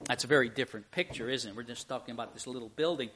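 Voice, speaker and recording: A middle-aged man preaching a sermon, telling a story with lively, rising emphasis. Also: medium pitch, rapid-fire, slightly rough.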